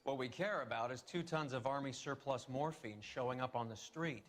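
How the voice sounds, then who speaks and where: An actor playing a gruff, blunt male police detective from the 1940s in a game, talking in a brusque, dismissive way. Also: medium pitch, moderate pace, close to an everyday voice. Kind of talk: game dialogue.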